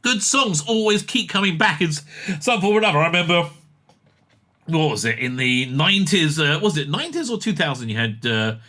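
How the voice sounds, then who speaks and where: This man's take on an interview is casual and funny, excitable and meandering, peppered with fillers and laughter. His voice leans high and his delivery is brisk.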